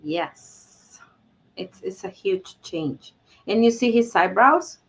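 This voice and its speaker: A woman's voice: mid-range voice, lively intonation, slow pace, slightly rough, lo-fi sound. A woman co-hosting a talk, mostly giving short agreeing replies.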